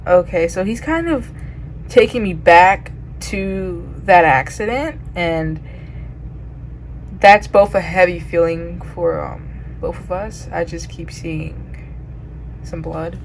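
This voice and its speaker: A woman's voice: fairly low pitch, slow pace, slight background noise, rough recording. A woman giving a casual tarot reading, talking loosely with lots of "like" and frequent laughs. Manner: chatty, loose, heavy use of "like", laughs often. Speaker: tarot reader.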